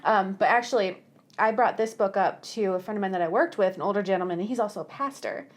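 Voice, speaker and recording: A woman's voice: mid-range voice, fast. A woman from the hosting a casual book club podcast, chatty and giggly with lots of fillers. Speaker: podcast host.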